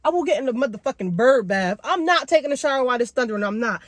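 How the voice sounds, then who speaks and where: A young woman tells a casual storytime in a fairly high, lively voice full of slang. Her pitch leaps up and down as she talks. The sound is dry and close, with no room echo. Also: fast. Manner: animated slangy storytelling with big pitch jumps. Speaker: vlogger.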